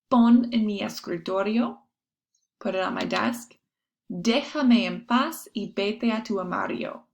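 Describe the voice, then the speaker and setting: A woman teacher talks her class through a recorded Spanish lesson, patiently laying out rules and examples one at a time. Her voice has a gravelly, creaky edge and sits at an ordinary middle pitch for a woman. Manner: patient, explaining step by step with examples.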